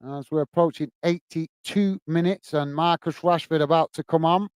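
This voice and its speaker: A man's voice: fairly high pitch, fairly even intonation, moderate pace, a little mellow, smooth, no room sound. A man hosting a live football watch-along from home, commentating on the match and chatting with viewers, laughing often. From England.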